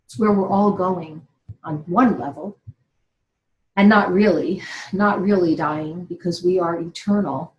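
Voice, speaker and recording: A woman's voice: fairly low pitch, unhurried, lo-fi sound. A middle-aged woman giving an earnest, emotional motivational talk, telling a personal story and laughing now and then. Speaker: inspirational speaker. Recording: roomy echo.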